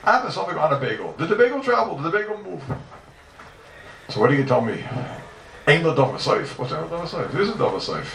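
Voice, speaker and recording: A man teaching a Talmud class in a lively lecture style, repeating questions and mixing in Hebrew and Aramaic terms. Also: a little high, fast talker, creaky, pauses often, a little hiss or hum. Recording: echoey room, mic from far off.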